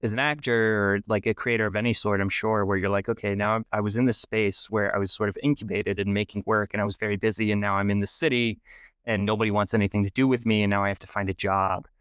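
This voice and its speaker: A man's voice: lowish voice, little pitch movement, quick pace, a bit bright, smooth, no echo, studio quality. A young man telling a self-deprecating story in a casual interview, rambling with many restarts. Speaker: guest filmmaker.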